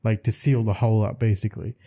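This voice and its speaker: A man co-hosting a podcast in casual chat, explaining things in a relaxed, loose way with fillers. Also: lowish voice, quick pace. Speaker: podcast co-host.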